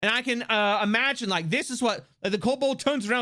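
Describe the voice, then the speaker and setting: Rambling through a casual livestream, this streamer is excitable and laughs often, with lots of fillers and restarts. The pace is brisk with few pauses, and the pitch is medium.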